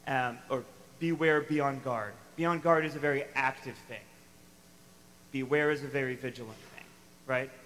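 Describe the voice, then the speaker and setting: A man preaching a sermon to a congregation, animated and emphatic, acting out the lines he quotes. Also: medium pitch, normal speed, long reverb tail, slight background noise, rough recording. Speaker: pastor.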